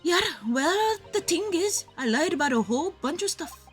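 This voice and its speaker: A woman's voice: animated, normal speed, faint music behind. A woman voicing a scrappy, defensive young street girl with a put-on Cockney accent while reading game dialogue aloud. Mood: confessing. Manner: high, pushy, clipped street slang.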